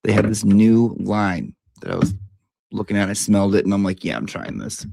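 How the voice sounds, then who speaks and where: A man's voice: fairly low pitch, flat delivery, moderate pace, vocal fry, mellow, no echo. A man giving a brash, profane, theatrical comic review of beauty products.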